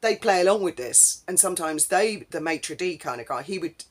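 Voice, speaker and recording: A woman's voice: lowish voice, lively intonation, moderate pace. A woman, telling a casual story in a chatty, rambling way full of ums. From England. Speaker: vlogger.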